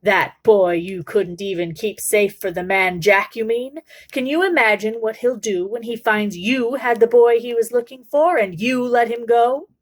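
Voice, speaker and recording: A woman's voice: a little high, normal speed, natural voice. A woman voicing a big, boozy male crook who talks bluntly and sneers. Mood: sneering.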